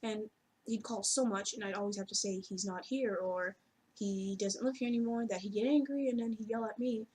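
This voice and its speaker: A woman's voice: mid-range voice, fairly even intonation, fairly quick, a little mellow, slight background noise. A woman telling a personal story to camera in a casual, rambling way, full of "like" fillers and offhand swearing.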